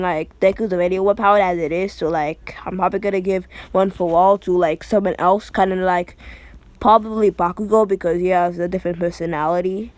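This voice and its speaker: A woman's voice: on the low side, a little mellow, no echo. A woman improvising a fan story, rambling, heavy with fillers and restarts.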